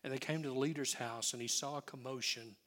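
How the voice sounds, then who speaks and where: A male pastor preaching a sermon, telling the story with lively swings and dropping to near-whispers. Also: medium pitch, fast talker. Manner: animated storyteller who drops to near-whispers.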